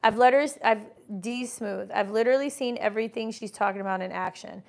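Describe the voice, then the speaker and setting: A woman's voice: fairly high pitch, fairly quick, creaky. A woman in her forties hosting a casual live stream, giving emphatic motivational talk and reading chat comments aloud. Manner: mimics doubters in mocking voices. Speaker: livestream host and business coach.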